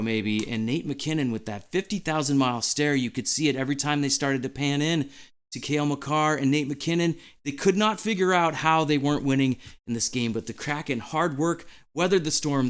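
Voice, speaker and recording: A man hosting a live stream, giddy and out of breath, reading chat messages aloud in an excited chat. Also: fairly high pitch, clean tone.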